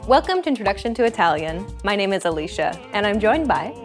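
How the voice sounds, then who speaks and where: A woman hosting a language lesson, reading a script in a clear, even, instructive way. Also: mid-range voice, fast talker, faint music behind.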